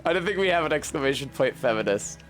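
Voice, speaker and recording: A man's voice: mid-range voice, expressive, fast talker, fairly bright tone, faint music behind. A man chatting casually and swearing while streaming a video game, often laughing. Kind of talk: casual gameplay commentary.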